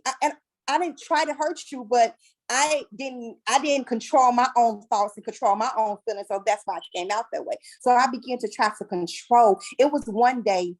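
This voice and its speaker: Expressive woman telling her own story. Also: a little high, rough recording. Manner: animated, laughs often, acts out quoted voices. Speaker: panel guest. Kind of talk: personal testimony in a panel discussion.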